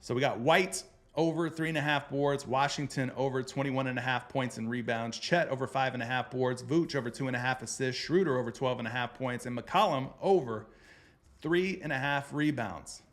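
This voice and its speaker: A man's voice: medium pitch, normal speed. A man hosting a casual sports betting show, joking loosely with viewers and calling them brother as he runs through his picks.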